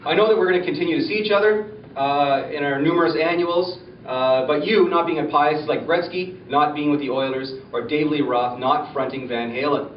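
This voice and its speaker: A man's voice: fairly high pitch, brisk, roomy sound, a little hiss or hum. Man, jokey farewell tribute, dull lo-fi distant recording. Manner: teasing, storytelling. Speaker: colleague giving a retirement tribute.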